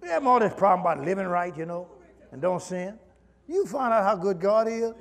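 A man preaching a fiery call-and-response sermon, shouting and drawn out, with laughs and asides to his listeners. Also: sits high, animated, brisk, vocal fry.

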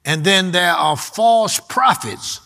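A male preacher delivers a sermon with a bright, forward voice pitched a little high. He reads scripture aloud and hammers home his key words by repeating them. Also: expressive, takes it slowly.

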